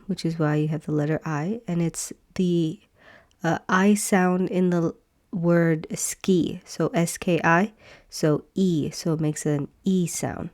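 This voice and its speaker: A woman teaching a beginner language lesson over slides, patient, repeating each sound slowly with many fillers. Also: sits low, dark tone.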